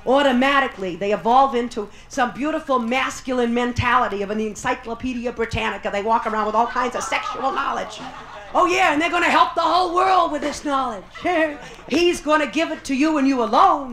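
A woman's voice: high voice, lively intonation, a little fast, slight background noise. A woman doing bawdy live stand-up comedy in a Las Vegas showroom, teasing the audience with brassy banter. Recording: roomy live club recording, loud crowd.

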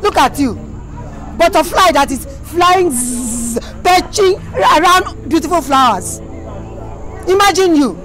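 Fiery middle-aged Nigerian mother, Nigerian accent, high-pitched, loud scolding. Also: expressive, takes it slowly, soft background music, a faint crowd, full character voice. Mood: mocking. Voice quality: loud, scolding, repetitive shouting. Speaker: mother in a film. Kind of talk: film dialogue.

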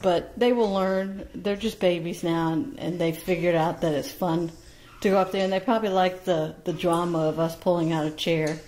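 A woman who breeds parrots, talking casually at home to viewers and cooing to her baby birds in a sing-song voice with soft laughs. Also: fairly low pitch, fairly even intonation, moderate pace, slight background noise. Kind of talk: casual chat to camera and baby-talk to birds.

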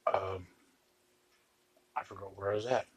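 A middle-aged man telling true stories from home in a casual chat, with dry, deadpan joking asides. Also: low-pitched, measured pace, breathy edge.

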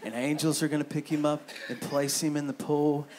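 A man's voice: a little high, level tone, brisk, darkish tone, a little hiss or hum. A man in his thirties preaching a sermon as pastor in a church, joking and acting out inner voices. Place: church sanctuary.

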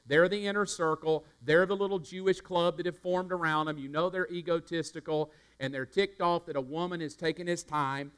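A man's voice: fairly high pitch, steady tone, fairly quick, few pauses, a bit bright, clean tone. A male pastor preaching a sermon in a church, building fervor and calling on the congregation to respond. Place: church sanctuary.

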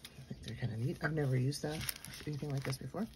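A woman vlogger narrating a casual unboxing at her desk, chatty and gushing, murmuring asides softly. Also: very deep voice, quick pace, noisy background. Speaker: nail art vlogger. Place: home nail studio desk.

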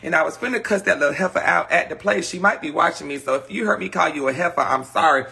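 Brash, sharp-voiced man ranting. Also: a little high, fast, gravelly. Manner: brash, profane and gossipy; frustrated, ranting. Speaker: livestream host. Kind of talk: casual livestream chat. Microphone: phone or webcam on a live stream.

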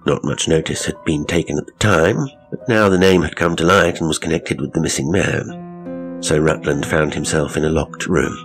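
A man narrating a horror story in a measured, dramatic, brooding way. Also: rumbling low, soft background music.

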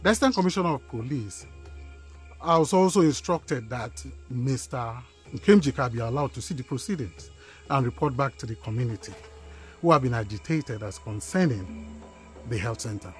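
An actor playing a formal, officious police official with a husky voice. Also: male voice, medium pitch, expressive, normal speed, soft background music. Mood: stern.

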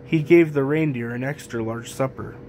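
A man reading a children's picture book aloud in a gentle, even storytelling manner. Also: mid-range voice, normal speed, slight background noise. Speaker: storybook reader.

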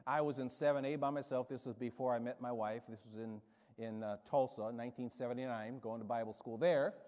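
A man's voice: mid-range voice, steady tone, brisk, darkish tone. Rousing older man preaching in a reverberant hall. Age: 70s. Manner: rousing, emphatic, storytelling with asides. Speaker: guest preacher. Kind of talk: sermon. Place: church sanctuary.

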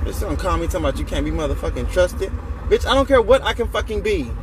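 A man's voice: high voice, expressive, fast talker. A man venting in an angry, profane rant, repeating lines for emphasis. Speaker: vlogger. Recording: noisy outdoor street recording.

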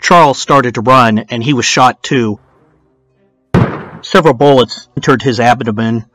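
A man's voice: medium pitch, a little slow, a bit bright, no echo, soft background music. Blunt, casual male true-crime narrator. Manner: casual, with blunt swearing asides. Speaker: documentary narrator.

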